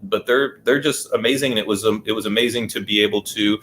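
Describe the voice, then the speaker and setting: A man's voice: lowish voice, steady tone, quick pace, a bit bright, a little hiss or hum. Laid-back rambling man, casual chat. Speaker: guest magician.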